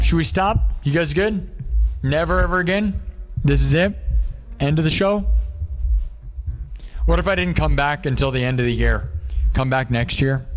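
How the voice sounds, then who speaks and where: Tired, rambling male streamer. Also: a little high. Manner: rambling, candid, emotional. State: exhausted. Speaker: live streamer. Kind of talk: casual livestream chat.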